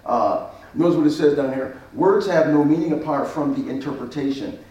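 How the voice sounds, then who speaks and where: A man's voice: a little high, normal speed, warm tone. A man preaching as a pastor, teaching on marriage and acting out both sides of an argument with repeated phrases. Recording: echoey hall, mic at a distance.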